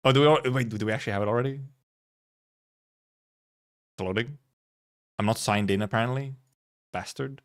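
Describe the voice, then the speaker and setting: A man streaming casually, his mid-pitched voice rambling through thoughts with frequent laughs and restarts. He swears freely and talks off the cuff. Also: brisk, pauses often. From Finland. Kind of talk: casual livestream commentary.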